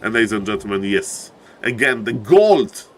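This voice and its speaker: A man casting a live strategy game, excitable, jumping to high yelps at big plays. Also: normal speed. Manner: keeps repeating "ladies and gentlemen". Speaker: esports caster.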